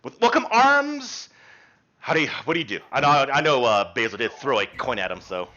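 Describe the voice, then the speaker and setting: A man's voice: mid-range voice, lively intonation, quick pace, pushed and bright. A man running a tabletop game as game master, explaining rules in a rambling, reassuring way. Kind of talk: casual rules explanation and narration. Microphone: online voice call. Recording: muffled voice chat with faint music.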